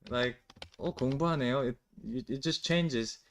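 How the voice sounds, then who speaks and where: A man runs a casual live-stream lesson in a middle-pitched voice. He explains in loose, chatty bursts, leaning on "like" and restarting his sentences as he answers viewers' questions. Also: fast, fairly bright tone. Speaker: Korean language teacher.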